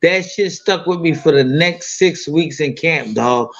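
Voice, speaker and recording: This American boxing guest, a man in his fifties, speaks a little slowly in a fairly bright, higher-pitched voice, though the highs are cut off. He recounts a fight in rambling, filler-heavy talk laced with profanity.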